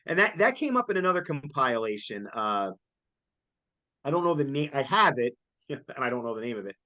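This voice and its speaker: A man, chatting casually as co-host, excitable and jokey and laughing often. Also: mid-range voice, fairly quick, muffled recording. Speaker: co-host reviewing a concert. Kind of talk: casual chat.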